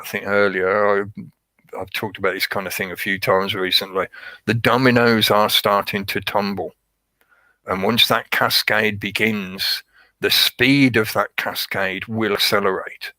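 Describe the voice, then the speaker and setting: A podcast host rambles casually through a monologue, repeating himself and hammering his points with emphasis. His voice is lowish and bright with a forceful tone, recorded with no room sound but in poor quality.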